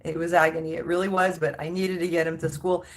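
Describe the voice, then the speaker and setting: A woman's voice: on the low side, little pitch movement, quick pace. A woman vlogger telling a story in a casual, emphatic rant, exasperated and full of restarts.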